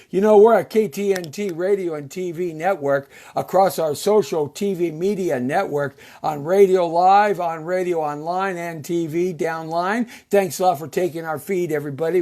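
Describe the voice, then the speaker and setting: A man's voice: sits high, a little mellow. A man hosting a live radio and TV talk show, talking in a brash, folksy, rambling way full of catchphrases. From United States. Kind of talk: live call-in style talk show monologue.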